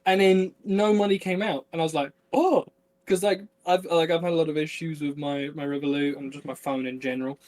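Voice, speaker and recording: Young man rambling with a slightly high voice. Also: flat delivery, quick pace, few pauses, a little mellow. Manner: rambling, self-interrupting, many fillers and restarts. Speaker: podcast co-host. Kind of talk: casual chat.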